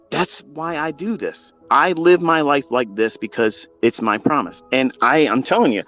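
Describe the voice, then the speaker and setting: A middle-aged man, a trading mentor, giving an impassioned motivational talk into a phone, blunt and preachy, swearing freely and swinging between hushed and loud. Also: a little high.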